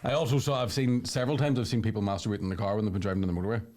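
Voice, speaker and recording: Lowish Northern Irish man telling crude stories. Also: steady tone, racing, a little mellow. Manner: rambling, crude storytelling. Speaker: podcast co-host. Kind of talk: comic podcast chat.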